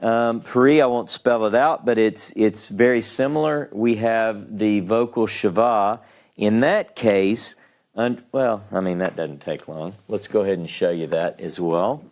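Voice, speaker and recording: A man's voice: lowish voice, measured pace, darkish tone. A man teaching a beginners' class, explaining patiently step by step at a board and checking in with his students. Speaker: Hebrew teacher. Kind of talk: classroom lesson.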